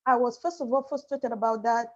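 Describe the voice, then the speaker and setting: A woman speaking as a panel guest over a video call, halting and apologetic as she shares a painful personal story. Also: a little high, steady tone. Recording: muffled lo-fi video call audio.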